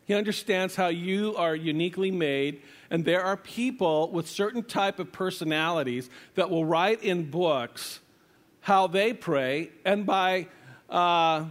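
High-voiced man preaching casually. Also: a little slow. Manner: conversational, playful preaching with asides. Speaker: pastor. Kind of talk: sermon.

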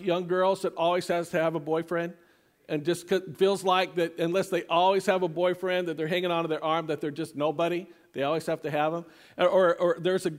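Male pastor, high-pitched voice, casual sermon delivery with frequent restarts. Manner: conversational, repeats words and restarts often.

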